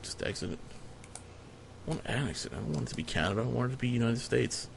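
A man streaming a strategy game, giving casual, profane, sardonic commentary as he thinks out loud. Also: mid-range voice, expressive, fast, creaky, noisy background.

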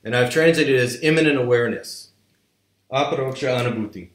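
Guy giving a yoga philosophy talk, storytelling, mid pitch, kinda roomy echo. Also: a little fast. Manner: storytelling, acts out historical reactions with exclamations. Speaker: yoga teacher. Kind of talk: lecture on yoga history over a livestream.

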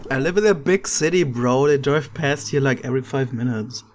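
A man's voice: medium pitch, fairly quick, slight background noise. A man hosting a casual gaming session, reacting with incredulous, laughing, swearing banter to his friends. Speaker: gaming channel host.

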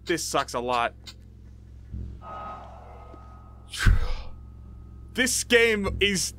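A man's voice: on the high side, big pitch swings, slow, long pauses, sharp tone, slight background noise. A young man giving goofy, jumpy commentary while playing a horror game, muttering to himself and then yelping. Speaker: gaming YouTuber.

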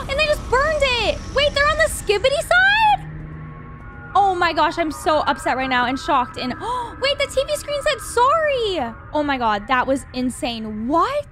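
A woman hosting a reaction video, excitable, gasping often and talking to her viewers as she watches an animation. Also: very high-pitched, a little slow, few pauses, music in the background.

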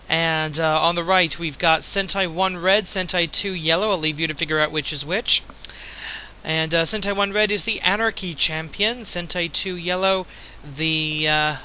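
Guy doing loose jokey wrestling play-by-play, kinda high voiced and super sharp sounding, a bit buzzed. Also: a little hiss or hum, low-quality recording. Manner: chatty, offhand, jokey asides. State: a bit tipsy. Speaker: play-by-play commentator. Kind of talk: casual play-by-play commentary.

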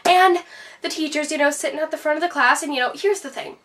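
A woman's voice: high voice, quick pace, fairly bright tone, distant mic. A woman playing a bitter, depressed teenage girl who vents sarcastically in a scripted video-diary monologue. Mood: sardonic. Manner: sarcastic, exasperated storytelling.

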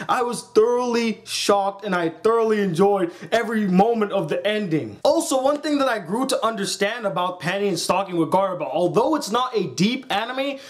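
A young man with a notably high voice talks through a review in a loose, casual way. He is excitable and animated, and he swears freely as he recaps. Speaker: anime reviewer.

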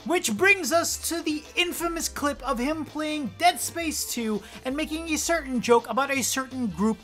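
A woman's voice: on the high side, fairly bright tone. A young woman from the Netherlands with a Dutch accent, narrating a sarcastic, profanity-laced commentary video. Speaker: YouTube commentator.

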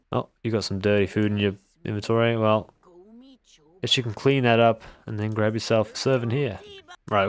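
A chatty man from England's West Country narrates gameplay in a fairly low voice. He keeps up a casual commentary, teasing and talking to the game's characters as he plays.

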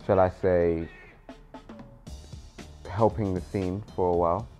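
Male interviewer, very deep voice, easygoing, faint music behind. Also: fairly even intonation, slow, mellow. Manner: laid-back, hesitant questions with fillers. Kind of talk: casual interview.

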